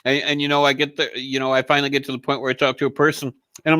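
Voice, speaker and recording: Blunt man with a bright, dry voice. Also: medium pitch, level tone, rapid-fire, hardly any pauses, no room sound. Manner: blunt, swears freely. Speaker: guest. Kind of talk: casual chat.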